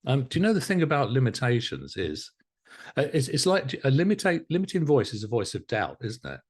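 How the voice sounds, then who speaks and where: A man teaching a live online hypnotherapy class, animated and encouraging, often laughing as he talks to students. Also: mid-range voice, fairly quick, husky. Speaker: hypnotherapy instructor.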